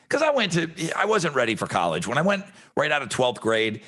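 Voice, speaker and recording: A man's voice: mid-range voice, wildly swooping pitch, brisk, pushed and bright. A man co-hosting a podcast, telling stories in a laid-back, wry casual chat. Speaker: podcast co-host.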